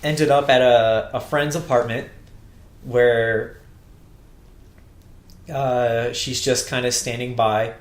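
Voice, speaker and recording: A man's voice: medium pitch, steady tone, slow pace, long pauses. Rambling man in an echoey room. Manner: rambling, restarts often, acts out quotes. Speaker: podcast co-host. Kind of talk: casual recap chat.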